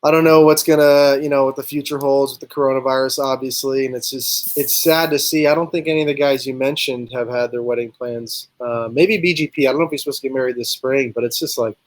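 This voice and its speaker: A young baseball player, appearing as a guest on a live talk show, rambles through a casual story and acts out both sides of conversations in quotes. His mid-range voice is fairly even in intonation, fast, with few pauses.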